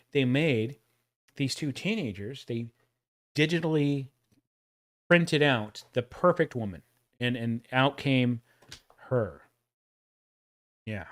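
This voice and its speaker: A chatty Texan man in his forties hosts a casual livestream, rambling between clips and laughing at his own jokes. His voice sits at an ordinary middle pitch. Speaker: livestream host reacting to old commercials.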